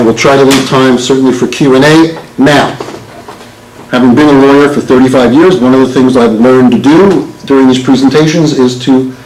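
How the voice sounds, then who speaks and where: A man in his sixties, a lawyer giving a live talk, joking and quizzing the audience. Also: mid-range voice. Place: meeting hall with an audience. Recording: roomy hall with faint noise.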